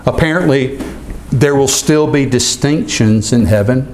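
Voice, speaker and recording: A male pastor delivers a sermon at a deliberate pace. He slows down noticeably for scripture readings and gives each phrase weight. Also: medium pitch, a little mellow, slight background noise.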